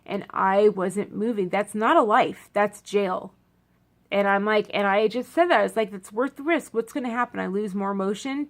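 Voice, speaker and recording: A woman's voice: medium pitch, fairly quick. A young woman talking casually to camera, tired and in pain after a medical procedure, rambling and repeating herself for emphasis. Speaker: vlogger.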